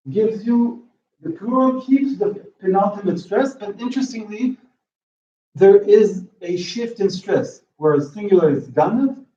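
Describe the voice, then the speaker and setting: A man giving an academic talk in linguistics, halting and restarting often, checking in with the audience. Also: high-pitched, mellow, recorded from a distance. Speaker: linguistics lecturer. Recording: roomy lo-fi hall recording from afar.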